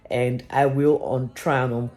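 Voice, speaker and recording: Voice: medium pitch, little pitch movement, unhurried, darkish tone. A vlogger giving a chatty, gossipy recap of a reality TV episode, who keeps saying "literally".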